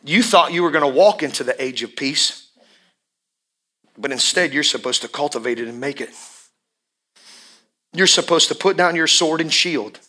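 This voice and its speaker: Man, pastor mid-sermon; bright, high-leaning voice, passionate, repeats lines for emphasis. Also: expressive. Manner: impassioned, swings from hushed to shouting; drawn-out emphatic repetitions.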